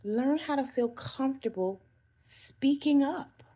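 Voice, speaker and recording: In a slow, mellow, high-pitched voice, a woman addresses her viewers directly with heartfelt self-care advice. It's a casual motivational vlog, and she repeats phrases for emphasis.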